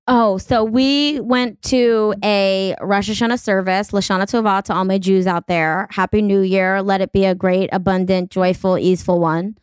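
A woman's voice: medium pitch, steady tone, smooth, dry recording. Blunt, profane woman podcast host. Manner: blunt, profane, quick joking banter. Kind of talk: casual podcast chat.

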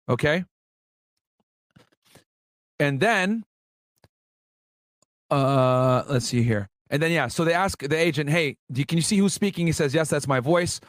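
A man's voice: on the high side, no echo. Chatty man telling a story, dry sound. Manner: chatty, addresses viewers as guys, slangy asides. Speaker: former federal agent telling a story. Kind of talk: casual storytelling vlog reading court transcripts.

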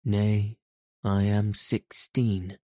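A man's voice: on the low side, little pitch movement, drawn-out words, mellow, no room sound. A man voicing a weary, timid young companion. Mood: plain. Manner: pleading, archaic speech. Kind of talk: audiobook character reading.

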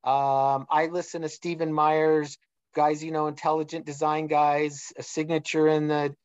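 A man's voice: on the high side, flat delivery, unhurried, a little mellow, smooth, no room sound. Man telling a story, dull lo-fi sound. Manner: storytelling, acts out quoted dialogue. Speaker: guest. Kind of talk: casual discussion.

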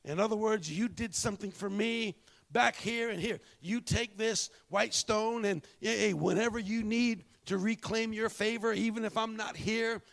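A male pastor preaching a sermon, swinging from hushed, drawn-out lines to shouted ones. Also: high voice, steady tone, vocal fry.

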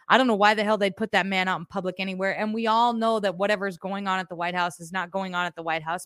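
A woman's voice: medium pitch, fairly bright tone, dry recording, clean studio sound. A woman hosting a podcast, giving blunt, profane, sarcastic political commentary in a casual way. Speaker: podcast host.

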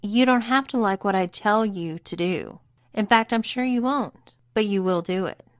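A woman's voice: mid-range voice, animated, moderate pace, no echo, studio quality, natural voice. A woman voicing a stern, bossy dominatrix who talks in a mocking, commanding way.

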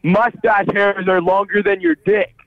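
A man calls into a comedy call-in show over a dull, muffled phone line. His voice sits high, and he teases and giggles while throwing crude jabs back at the hosts. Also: lively intonation, measured pace, crowd noise. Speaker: caller. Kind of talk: prank phone call banter.

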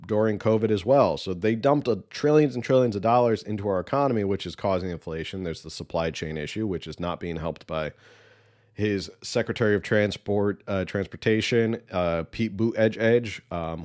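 A man's voice: low voice, darkish tone. A man hosting a political podcast, giving casual, opinionated commentary with sarcasm and exasperation.

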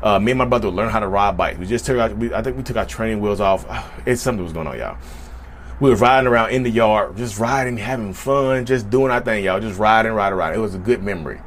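A man's voice: on the low side, quick pace, slight background noise. A man vlogging in a casual storytelling way, chatty and repetitive, often turning to his viewers directly. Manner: chatty, repetitive, keeps addressing viewers as y'all.

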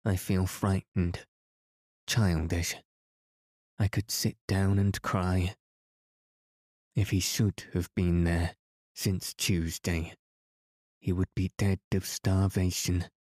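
A man's voice: deep voice, little pitch movement, slow, pauses often, a little mellow, no room sound, studio quality. A man reading aloud, voicing a frightened, imaginative teenage girl who stammers and trembles.

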